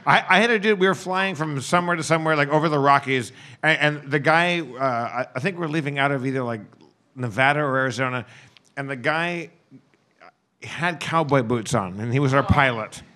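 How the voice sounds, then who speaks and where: A man's voice: mid-range voice, a little fast, pushed and bright. A man, a regular on a podcast, telling an anecdote in casual chat, stammering and repeating words as he goes.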